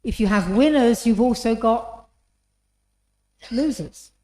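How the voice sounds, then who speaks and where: A woman's voice: on the high side, slow pace, warm tone. A woman giving an inspirational talk in an engaging storytelling manner, often asking the audience questions. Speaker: speaker. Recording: echoey hall.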